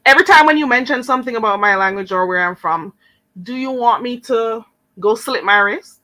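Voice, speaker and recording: A woman's voice: on the high side, moderate pace, sharp tone, no echo, rough recording. A young woman hosting a live stream, talking to viewers in an indignant, sarcastic way with mocking mimicry. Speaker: channel host.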